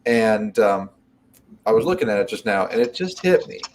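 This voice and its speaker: A man's voice: lowish voice, big pitch swings, normal speed. A man co-hosting a casual chat, meandering and repeating words as he thinks aloud.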